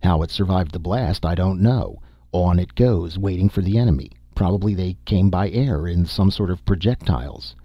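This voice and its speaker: A man reading an audiobook, voicing a steady, grim male expedition leader with a firm, commanding delivery. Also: sits low, normal speed, slightly rough, no room sound, lo-fi sound. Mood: grave.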